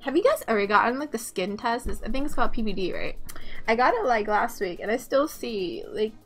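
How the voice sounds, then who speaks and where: An excitable woman commentates her own gameplay, swearing and laughing as she goes. Her voice sits a little high and sounds bright, leaping around wildly when she gets worked up. Faint music plays underneath. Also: brisk. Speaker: game streamer.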